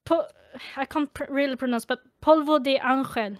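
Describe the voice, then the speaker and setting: A woman's voice: high voice, moderate pace, dry recording, studio quality. A woman hosting a podcast, asking her guests curious, slightly tentative questions. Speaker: podcast host. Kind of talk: interview questions.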